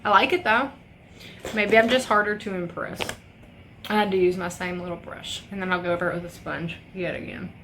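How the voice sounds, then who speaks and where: A woman's voice: fairly low pitch, fairly even intonation, a little fast, a bit bright, a little hiss or hum. A young woman beauty vlogger chatting casually through a makeup tutorial, rambling and swearing as she rants. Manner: profane, ranting, rambling.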